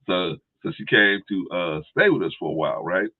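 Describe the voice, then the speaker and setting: A man co-hosting a casual chat, telling a story animatedly and mimicking other people in a high voice. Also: fairly quick. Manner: animated, acts out quotes in a high voice. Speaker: co-host. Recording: tinny phone-line sound.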